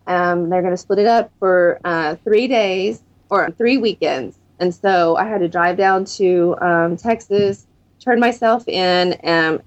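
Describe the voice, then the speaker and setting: A woman in her thirties, a guest in an interview, candidly telling her own story of recovery. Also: on the low side. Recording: dull lo-fi recording.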